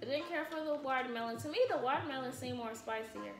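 High voiced woman giving her take on candy, teasing, echoey room with music. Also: quick pace. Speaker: channel co-host. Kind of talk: casual food review chat. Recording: roomy room with music behind.

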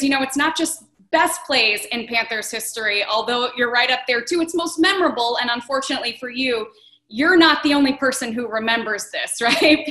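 A woman's voice: high-pitched, sharp tone. A woman hosting an interview, chatty and playfully teasing her guest. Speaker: interview host. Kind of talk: hosted interview. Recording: roomy, echoey sound.

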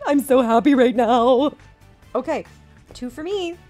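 A woman in her thirties chatting excitedly as she opens graded trading cards, gasping and repeating herself. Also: high-pitched, measured pace, soft background music. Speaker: card collecting vlogger. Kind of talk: excited unboxing chat.

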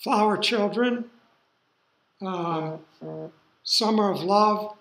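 An older man giving a university lecture, rambling through relaxed asides with fillers. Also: sits high, drawn-out words. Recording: roomy lecture hall.

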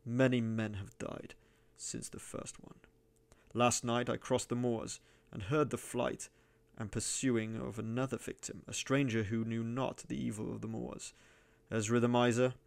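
A man reading a dark adventure story aloud, measured and sometimes rising to loud declaiming. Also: mid-range voice, vocal fry. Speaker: reader and gaming channel host.

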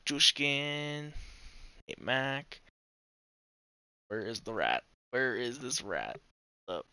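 A male streamer giving casual live commentary over a hockey game, excitable and swearing freely. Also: medium pitch, drawn-out words, smooth, dry recording.

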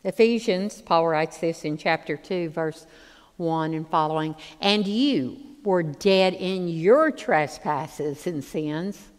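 A woman's voice: on the low side, lively intonation, takes it slowly, big-room sound. A woman teaching a Bible lesson, reading scripture passages aloud and explaining them in plain words.

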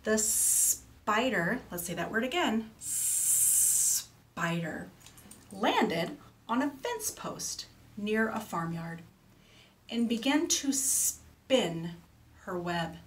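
A woman teaching speech to children, reading a picture book aloud slowly and clearly and pausing so they can repeat words. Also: big pitch swings, a little hiss or hum. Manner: animal sounds with big jumps in pitch.

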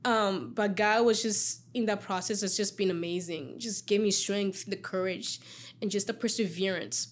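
A woman's voice: mid-range voice, moderate pace. Young woman guest getting emotional, earnest storytelling. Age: young adult. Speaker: alumna guest. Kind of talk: casual interview.

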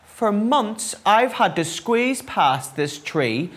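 A man voicing a fussy, cross hen who complains in a shrill voice. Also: a little slow, fairly bright tone. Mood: indignant.

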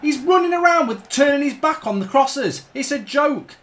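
A man's voice: very high-pitched, expressive, moderate pace, fairly bright tone. A man commenting live on his own gameplay, ranting and swearing in exasperated outbursts. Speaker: gaming streamer.

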